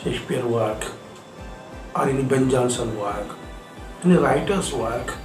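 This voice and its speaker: A man's voice: medium pitch, a little slow. A man giving a spoken lesson, earnest and repeating his points for emphasis. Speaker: English teacher. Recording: echoey room with faint music.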